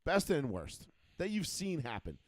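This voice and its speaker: His pitch runs fairly high and swings hugely, though his pace stays measured, as this thirtysomething co-host of a call-in sports show rambles through profane, filler-heavy stories. There is no room sound on the recording.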